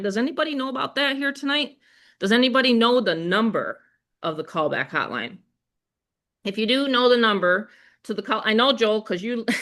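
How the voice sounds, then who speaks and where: An older woman with a Western New York accent, hosting a live webinar sales pitch in a chatty, upbeat way, speaking straight to her audience. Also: bright, forceful tone. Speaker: webinar host.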